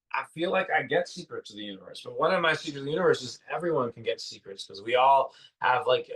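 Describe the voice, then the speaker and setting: This podcast co-host, a man in his fifties, talks spirituality in a loose, enthusiastic ramble packed with fillers. The voice is mid-range and fairly bright, recorded at a distance from the microphone.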